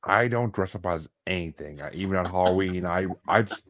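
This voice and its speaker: A man's voice: deep voice, fairly quick, a bit bright, highs cut off. A man who hosts a podcast, chatting casually, joking and swearing freely. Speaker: podcast host. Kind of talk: casual chat.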